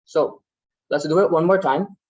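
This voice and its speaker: A man's voice: on the high side, normal speed, a little mellow, husky, no echo, muffled recording. A man leading a workshop, patiently explaining a ritual step by step and often checking in with "right?". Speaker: workshop instructor. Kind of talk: guided ritual instruction.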